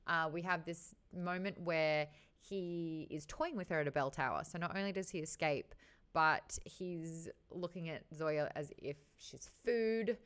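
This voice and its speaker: Lady host of a book chat, kinda low voice, animated, swears a lot, laughs a bunch. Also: smooth. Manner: chatty, animated, swears freely, laughs often. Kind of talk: casual book discussion.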